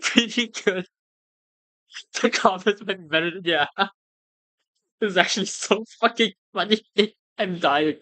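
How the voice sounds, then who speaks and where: A streamer reacting on a live stream in a casual, excitable way, laughing often, swearing freely and stammering through restarts. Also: medium pitch, no echo. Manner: stammers and restarts when flustered.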